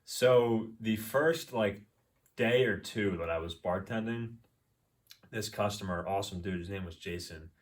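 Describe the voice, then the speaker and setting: A man with a low voice tells stories on a podcast, swearing and acting out the people in them. His voice sounds a little distant, as if he is sitting back from the mic. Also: measured pace. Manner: animated storyteller, swearing, acts out voices. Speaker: podcast co-host. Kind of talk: casual chat.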